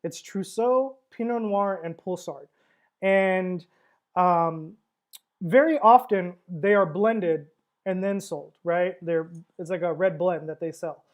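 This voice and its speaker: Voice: mid-range voice, slow. Rambly wine tasting host on a livestream, laughs a lot, chatty. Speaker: wine seller hosting a tasting stream.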